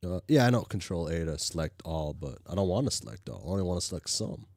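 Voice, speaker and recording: Gravelly, animated man reading aloud. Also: sits low, no echo, clean studio sound. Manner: halting, stammers and restarts, mutters to himself. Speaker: streamer reading a webcomic aloud. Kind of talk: casual reaction stream, reading aloud.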